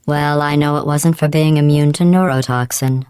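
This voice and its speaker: Actress plays deadpan female computer AI, low, smooth, calm mockery, dry booth sound. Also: moderate pace, no room sound, natural voice. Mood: cold mocking. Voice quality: smooth, synthetic-edged, deadpan. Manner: dry mocking insults delivered calmly. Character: cold sarcastic female AI computer. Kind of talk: video game voice acting. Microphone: clean dry studio recording.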